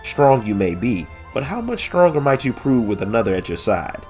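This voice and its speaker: A man's voice: medium pitch, sing-song, moderate pace, a little mellow, faint music behind, close to an everyday voice. A man as a weary, stern older sister. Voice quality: nasal. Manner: weary, reproachful.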